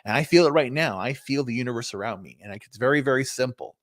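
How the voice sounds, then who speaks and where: A man's voice: mid-range voice, fast talker, dry recording, clean studio sound. A middle-aged man talking live on camera in rambling, blunt reflections, swearing freely and restarting often. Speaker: vlogger.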